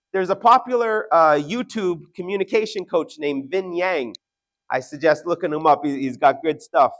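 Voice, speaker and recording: A man giving an earnest motivational talk to an audience, slowing down to stress key points and often checking in with "right?". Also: high voice, a bit bright. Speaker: motivational speaker.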